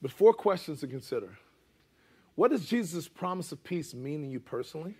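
A man's voice: a little high, animated, a little fast, a little mellow, slightly rough. A middle-aged man preaching a conversational sermon as pastor, often asking the congregation "amen?" and dropping casual asides.

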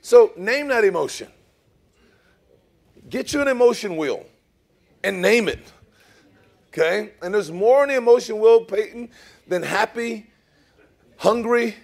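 A middle-aged man preaching a sermon, emphatic, swinging between loud emphasis and soft asides, often checking in with "okay?" and "amen?". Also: high voice, expressive, measured pace, gravelly, pauses often. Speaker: pastor.

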